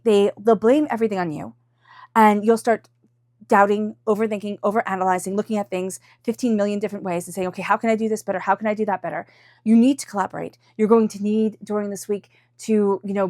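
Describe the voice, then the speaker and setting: A woman giving a weekly tarot reading in a gentle, musing way, often checking in with the listener. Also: medium pitch, no echo, studio quality. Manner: gentle, musing, frequent "right?" asides. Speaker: tarot reader.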